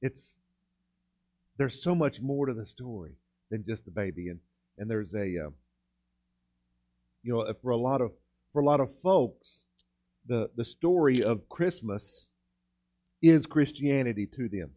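A man preaching a sermon as pastor, slowing and lifting his voice on key words, with frequent restarts. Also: medium pitch, mellow, highs cut off. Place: church sanctuary.

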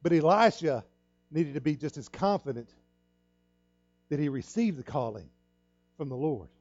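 A man's voice: on the high side, expressive, normal speed, a little mellow, dry recording, dull audio, faint music behind. A middle-aged male pastor preaching a sermon, telling a personal story with earnest repetition and acting out the voices in it. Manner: earnest storytelling, repeats himself, acts out quoted dialogue.

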